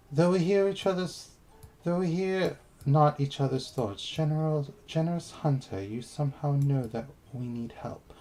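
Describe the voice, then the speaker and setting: A man's voice: fairly high pitch, warm tone, pitched above the performer's own voice, low-quality recording. A man reading as a solemn insect-tribe elder. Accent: put-on British. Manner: slow, stately reading with restarts.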